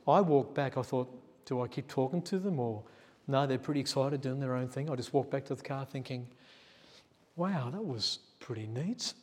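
A man's voice: medium pitch, animated, moderate pace, darkish tone. A male pastor, telling a story in a sermon and acting out the quotes in a chatty way. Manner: chatty, acts out quotes, laughs at himself. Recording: long church reverb.

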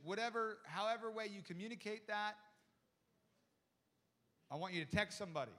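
Delivering a sermon, this young pastor uses a high voice and tells his story animatedly. Hushed asides break up his loud, excited stretches, while he repeats words and quotes people in fast bursts.

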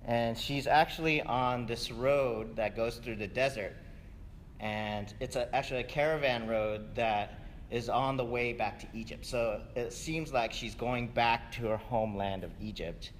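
A man's voice: medium pitch, unhurried, a little hiss or hum. A man giving a sermon in a casual, conversational way, often tagging sentences with "right?". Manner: conversational, keeps asking "right?". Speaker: pastor. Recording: echoey hall, faint ambience.

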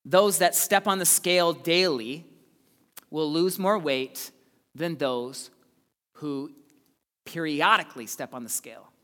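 A man preaching a sermon in a church in a casual, joking way, moving between loud bursts and hushed asides. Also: on the high side, takes it slowly, long pauses. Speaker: pastor. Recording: long hall reverb.

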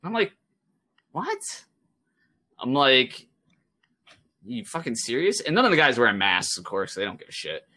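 A young man co-hosting a podcast, telling a story in a loose, animated way, swearing and acting out what people said. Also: medium pitch, normal speed, long pauses. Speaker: podcast co-host. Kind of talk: casual podcast chat.

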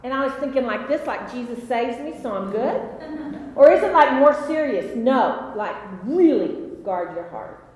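A woman leading a Bible study lesson, telling a story in an animated, chatty way with many fillers. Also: a little high. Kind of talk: conversational Bible study teaching. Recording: echoey hall with long reverb, faint noise.

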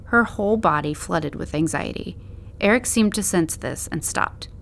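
A woman narrating a story as an audiobook in a steady, measured way. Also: lowish voice, creaky, a little hiss or hum.

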